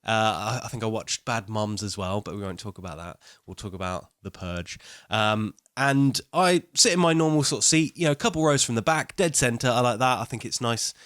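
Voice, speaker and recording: A man's voice: on the low side, normal speed, hardly any pauses, a bit bright, clean tone. A young man, co-hosting a casual film podcast and telling a wry story, acting out the voices of the people in it. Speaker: podcast co-host.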